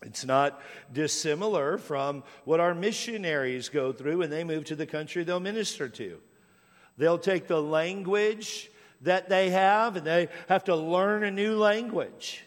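A man's voice: a little high, unhurried. Man, pastor, sermon, storytelling, repeating phrases, long hall reverb. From Washington State. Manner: storytelling, repeats words when building a point.

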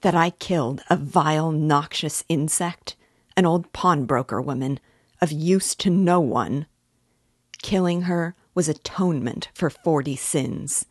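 A woman's voice: low voice, measured pace, husky, dry recording, studio quality, heavily acted. Woman reading as a bitter, brooding young man. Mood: furious. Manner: brooding, bursts into fury.

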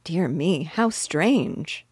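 A woman's voice: lowish voice, expressive, very slow, darkish tone, breathy edge, no echo, studio quality, heavily acted. A woman voicing a kind, polite little girl in a storybook reading. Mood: earnest. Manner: earnest and polite.

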